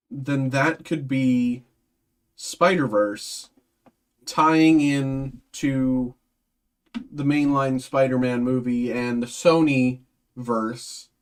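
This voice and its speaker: A man hosting a livestream, thinking aloud in casual chat, hesitant and full of ums and restarts. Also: mid-range voice. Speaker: card break host.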